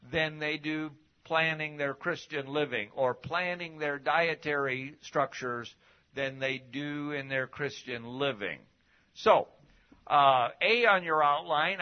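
A middle-aged male preacher speaks slowly and with a fairly high voice, in a folksy, conversational teaching style. He leans on rhetorical questions and homely examples. The recording sounds dull and lo-fi. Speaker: pastor teaching a class. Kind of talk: conversational sermon.

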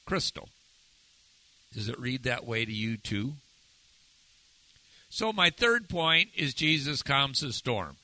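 A man teaching a Bible lesson in a conversational, animated way, retelling passages and asking his listeners questions. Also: mid-range voice, slow, long pauses, poor audio. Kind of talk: informal sermon teaching.

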